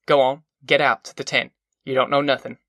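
Man reading steady ex-preacher, folksy drawl, audiobook. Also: a little fast, no room sound, clean studio sound, lightly acted. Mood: steady, urgent. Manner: low-key, plain folksy drawl. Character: weary calm ex-preacher man, middle-aged.

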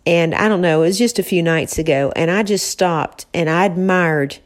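A woman co-hosts a casual chat from an office, her voice sitting a little low. She talks with affection and emotion and slips in gentle teasing. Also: normal speed. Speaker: podcast co-host.

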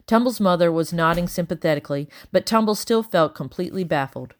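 A woman reading a children's novel aloud in a measured, expressive way. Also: fairly low pitch. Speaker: audiobook reader.

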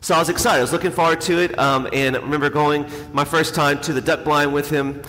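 A man's voice: on the high side, steady tone, fast talker, bright, forceful tone. A man, a priest, telling a self-deprecating story in a casual, conversational homily. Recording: long hall reverb, faint ambience.

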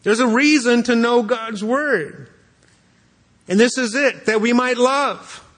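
A man's voice: extremely high pitch, slow pace, fairly bright tone. A man preaching an expository sermon as a pastor, earnest and repeating words as he restarts. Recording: long hall reverb.

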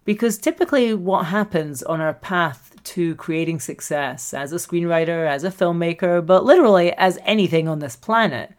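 This is a woman hosting her own podcast and coaching listeners on their creative work. She speaks in a slightly low voice and keeps it lively, laughing easily and slipping into the voices of the people she quotes. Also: moderate pace, hardly any pauses. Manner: animated, acts out quoted voices, laughs often. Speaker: podcast host and screenwriting coach. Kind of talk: solo podcast monologue.

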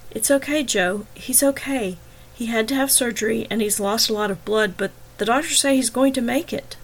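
A woman reading a novel aloud, voicing a gentle young woman who speaks softly and reassuringly. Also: fairly high pitch, moderate pace, rough recording. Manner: soft, reassuring. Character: young woman, tearful but relieved, gentle.

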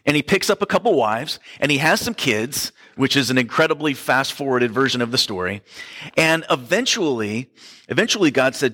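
A man's voice: medium pitch, big pitch swings, normal speed, pushed and bright. A man preaching a sermon, retelling a story in a casual, joking way. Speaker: pastor. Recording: long hall reverb.

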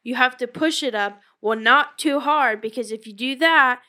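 A woman's voice: high-pitched, normal speed, sharp tone. A young woman in casual chat, talking with lots of "like" fillers.

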